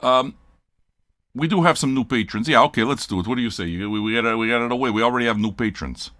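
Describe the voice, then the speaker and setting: A man's voice: mid-range voice, fast, sharp tone, no room sound, clean studio sound. An older man hosting a record-listening show, talking in a blunt, profane, rambling livestream rant.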